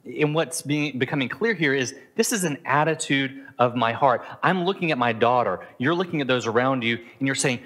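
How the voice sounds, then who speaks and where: A man's voice: mid-range voice, lively intonation, normal speed, hardly any pauses, fairly bright tone. A middle-aged man preaching a sermon in an earnest, conversational way, now and then acting out the inner voices of his listeners. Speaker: pastor. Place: Southeast Asia.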